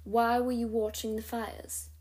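A woman's voice: fairly high pitch, level tone, unhurried, a little mellow, close to an everyday voice. Woman doing an accented kindly elf man. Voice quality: put-on accent that slips.

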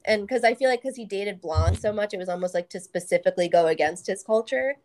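A woman's voice: mid-range voice, fast, a little mellow. A young woman co-hosting a casual chat, playful and teasing in an upbeat way.

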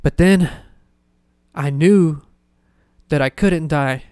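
A loud, deaf grandfather in his eighties who likes to joke, as his young grandson quotes him. The voice is smooth and clear. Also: on the high side, slow, no room sound, studio quality.

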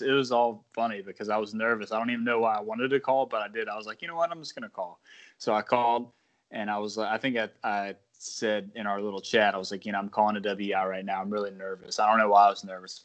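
A man's voice: on the low side, fairly even intonation, brisk, fairly bright tone. A man co-hosting a casual sports podcast, telling a rambling story and laughing at himself. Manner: rambling, self-deprecating, laughs often. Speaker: podcast co-host.

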